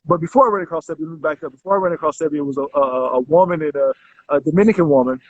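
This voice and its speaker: Husky, fairly high-voiced man telling his story. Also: very fast, dry recording. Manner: rambling, many restarts, animated. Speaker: guest, health coach. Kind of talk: casual interview storytelling. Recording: dull, dry lo-fi recording.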